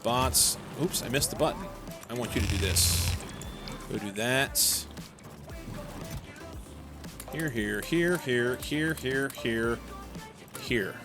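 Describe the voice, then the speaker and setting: A young man on a live game stream talks slowly, pausing often, in a mid-range voice. Game music plays behind him as he rambles, chats, and reads messages from chat out loud.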